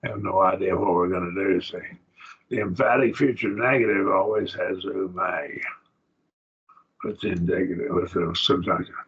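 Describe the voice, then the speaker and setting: A plainspoken, folksy man, a preacher, teaching a slow Bible Greek grammar lesson to a class. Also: sits low, fairly even intonation, fairly bright tone, slightly rough. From rural. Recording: dull lo-fi classroom recording.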